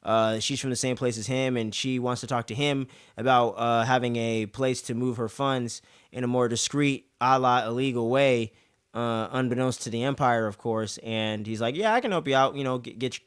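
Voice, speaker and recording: Here a young podcaster sums up an episode with casual, cursing chatter, leaning heavily on fillers like "man" and "uh" and performing characters' dialogue in exaggerated voices. The delivery is flat and moderately paced, his medium-pitched voice clear and resonant in a dry studio recording.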